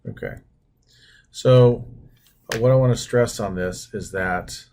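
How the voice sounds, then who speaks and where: Low husky guy teaching math, takes it slow, jokes about his own drawing. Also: a little mellow. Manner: talks through steps while drawing, self-deprecating asides. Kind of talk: screen-recorded math lesson.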